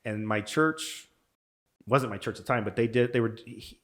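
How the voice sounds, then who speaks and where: Brief: male guest, animated storyteller, quotes people in voices. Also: mid-range voice, moderate pace. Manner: animated, acts out quotes, says "dude" a lot. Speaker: podcast guest. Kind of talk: casual storytelling.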